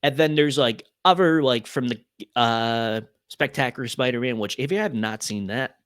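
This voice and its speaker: A man's voice: mid-range voice, normal speed, a bit bright, smooth, no room sound, studio quality. A young man on a podcast, talking casually and rambling with many fillers. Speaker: podcast guest.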